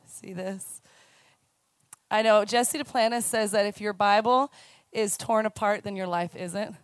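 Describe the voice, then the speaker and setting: A woman in her thirties, a youth minister, giving a chatty, animated sermon. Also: mid-range voice, no echo. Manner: chatty, animated storytelling with quick asides. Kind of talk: conversational sermon. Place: church stage.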